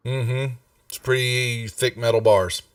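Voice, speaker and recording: Slow, halting male game master. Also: medium pitch, fairly even intonation, dry recording, recorded from a distance. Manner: slow, halting, many fillers. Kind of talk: running a tabletop game live.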